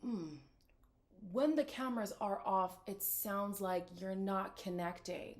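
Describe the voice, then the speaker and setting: A woman's voice: mid-range voice, slow. A woman hosting a reality TV recap, chatting casually and sassily with viewers and laughing often. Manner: sassy, laughing, talks straight to viewers. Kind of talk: casual reaction commentary.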